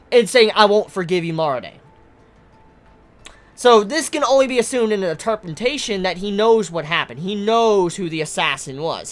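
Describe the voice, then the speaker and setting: Woman ranting about a manga chapter, lively pitch all over, swears a lot, trips on words. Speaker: manga reviewer. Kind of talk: casual commentary.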